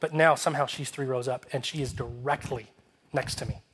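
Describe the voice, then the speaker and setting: Bright-voiced man telling a sermon story. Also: mid-range voice, a little fast, a little hiss or hum. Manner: animated, humorous, acts out dialogue. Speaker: pastor.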